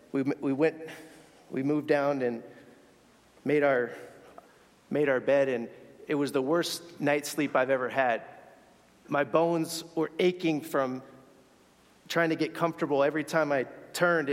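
Earnest man preaching in a reverberant hall. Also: a little high. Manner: earnest, reflective storytelling with halting restarts. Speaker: speaker sharing a faith story. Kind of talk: sermon storytelling.

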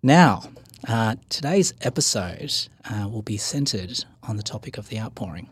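Australian male host, husky and lowish, relaxed interviewer with fillers. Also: moderate pace. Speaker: podcast host, professor. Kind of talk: conversational interview.

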